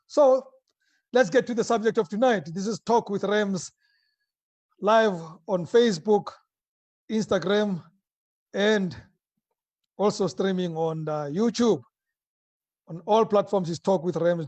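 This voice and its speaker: Male talk show host, high voice, earnest and reflective. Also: a little mellow, no echo. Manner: opens with a told joke, earnest and reflective. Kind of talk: live talk show hosting.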